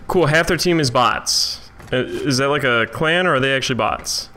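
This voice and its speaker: Brief: male gamer, bright and slow-talking, swears a lot, mocks himself, faint gunfire behind. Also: medium pitch, slight background noise. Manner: excitable, swearing, self-mocking. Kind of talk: let's play commentary.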